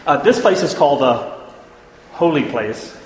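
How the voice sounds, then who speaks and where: Male lecturer, slightly high voice, casual and chatty, keeps asking "right?"; echoey hall, faint room noise. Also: expressive, a little slow. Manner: chatty, checks in often with "right?". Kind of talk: informal classroom lecture.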